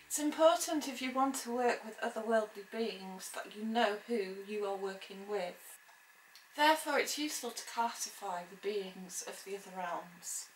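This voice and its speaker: A woman giving an informal spoken lesson, explaining things at an unhurried pace with frequent hesitant ums. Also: mid-range voice, slight background noise. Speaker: witchcraft teacher. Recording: roomy echo, faint ambience.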